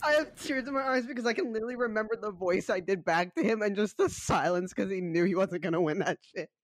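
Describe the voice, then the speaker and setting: A young man co-hosting a podcast, telling stories in an animated, profane way with frequent laughter. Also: sits high, fast talker, dry recording. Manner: animated storytelling, swearing, laughing often. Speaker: podcast co-host. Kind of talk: casual chat.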